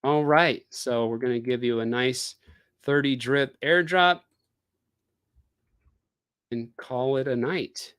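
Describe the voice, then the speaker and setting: A man's voice: mid-range voice, takes it slowly, long pauses, a bit bright, clear, resonant tone. Chatty man hosting a live stream. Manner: chatty and rambling, with frequent fillers. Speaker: crypto live stream host. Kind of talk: casual live stream chat.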